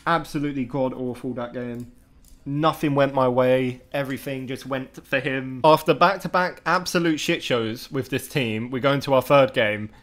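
A man's voice: mid-range voice, normal speed, a bit bright. Exasperated man commentating a game. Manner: exasperated, swearing, exclamatory outbursts. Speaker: gaming video creator. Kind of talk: live gameplay commentary to chat.

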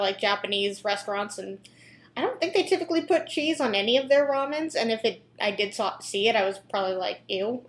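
Giggly chatty woman, roomy echo. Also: fairly high pitch. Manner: chatty, giggly, lots of fillers and restarts. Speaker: reaction video host. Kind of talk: casual reaction commentary.

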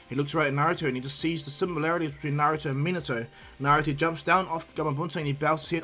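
A man's voice: fairly high pitch, fairly even intonation, rapid-fire, pushed and bright, soft background music. A man improvising fan-fiction narration, hesitant, with frequent fillers and restarts. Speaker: storyteller.

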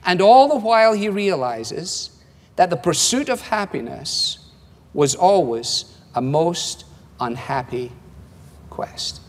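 A man's voice: high voice, very animated, slow pace. A man in his seventies with a Scottish accent, preaching a sermon in a wry, conversational way, acting out quotes. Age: 70s. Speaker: pastor. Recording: long hall reverb.

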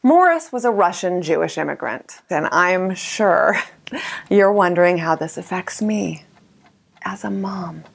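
A woman's voice: fairly low pitch, lively intonation, measured pace, creaky. A woman in her thirties hosting a scripted comedy monologue, playful and mock-dramatic with punchy delivery. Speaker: comedic host.

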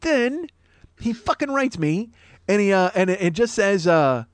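A man's voice: high-pitched, very animated, measured pace, no echo. A man in his forties hosting a comedy podcast, delivering a profane, exasperated solo rant that swings between mock outrage and mumbling. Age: 40s.

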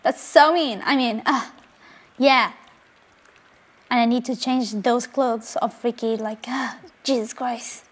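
High-voiced Portuguese-accented woman gamer. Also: slow, long pauses, slightly rough. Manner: chatty, giggly, easily excited. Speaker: gaming let's-play host. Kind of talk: casual gameplay commentary.

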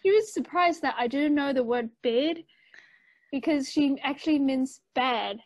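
High-voiced, giggly woman podcast co-host. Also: animated, a little slow, a little mellow, dry recording. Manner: giggly, chatty, with frequent restarts. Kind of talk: casual chat.

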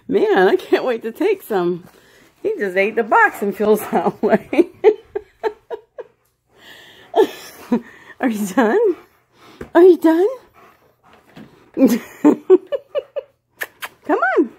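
A woman's voice: medium pitch, a little mellow, slight background noise. A woman filming her dog and toddler at home, laughing often and talking to them in a sing-song voice. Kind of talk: casual home video chatter.

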